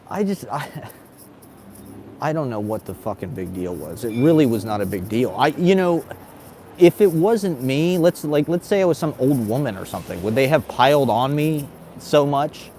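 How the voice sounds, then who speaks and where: An agitated man rants, swears and laughs his way through complaints about other comedians. His voice sits at a middling pitch, and a faint hiss of noise runs behind him. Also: very animated, measured pace, pauses often, a little mellow. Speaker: stand-up comedian. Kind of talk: casual ranting monologue.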